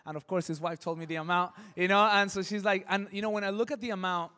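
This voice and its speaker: A pastor telling a personal story in a sermon, lively, acting out the voices in it. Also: male voice, high voice, quick pace, smooth, big-room sound. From Southern California. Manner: animated, acts out voices in his stories. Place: church hall.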